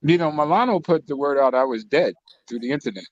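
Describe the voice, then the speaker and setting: A man telling lively stories in a casual online group chat. He swears freely, laughs a lot and mimics the lines of other people. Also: on the high side, fast talker, dry recording, muffled recording. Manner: animated storyteller, profane, mimics others' lines, laughs often. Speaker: channel host telling stories to co-hosts.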